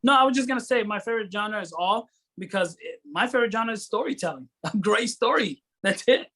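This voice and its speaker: A man's voice: high-pitched, expressive, a little fast, bright, forceful tone. A man from Rhode Island, a guest in a casual interview, talking with enthusiasm and rambling as he searches for words. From Rhode Island, USA. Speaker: guest actor and filmmaker.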